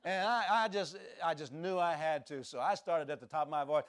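A man with a notably high-pitched voice preaches a personal testimony as a traveling minister. His delivery is earnest and emphatic, the voice of a storyteller speaking to a church service. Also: brisk, few pauses. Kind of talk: sermon testimony.

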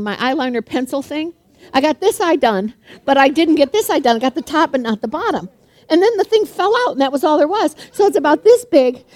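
An older woman preaches a sermon to a live congregation in a quick, chatty way, full of jokes and little laughs. Her voice sits high, and she reads verses and then riffs on them at speed. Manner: fast-talking, chatty and humorous, laughs often.

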